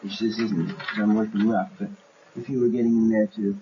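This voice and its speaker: Man animator, documentary explainer, lively and theatrical, dull lo-fi audio. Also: lowish voice, a little fast. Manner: lively, acts out scenes while explaining. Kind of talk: explaining his work in a documentary. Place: animation studio. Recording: dull 1970s documentary audio with faint hiss.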